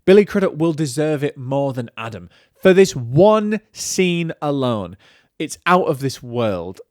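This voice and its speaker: A man in his thirties hosting a solo film podcast, chatty and animated as he reviews movies and tells stories. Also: mid-range voice, no room sound, clean studio sound. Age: 30s. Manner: chatty and animated, with lively storytelling asides.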